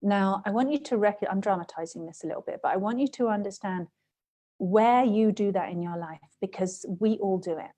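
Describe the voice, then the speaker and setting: A woman's voice: medium pitch, brisk, mellow. A woman giving a personal, emotional talk before a guided meditation, speaking straight to the listener and acting out her own inner voices as she tells her story. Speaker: self-love teacher.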